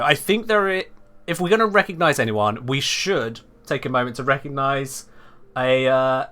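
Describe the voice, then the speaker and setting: Animated British man streaming a game. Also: medium pitch. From Britain. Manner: animated, playful, talks back to chat. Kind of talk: live-stream chat while gaming.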